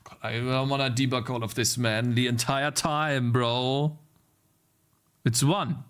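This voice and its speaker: A young man live-streams his programming, speaking in a mid-range, steady, slightly bright and clean voice at a somewhat slow pace. He mutters in frustration while debugging and talks to his chat.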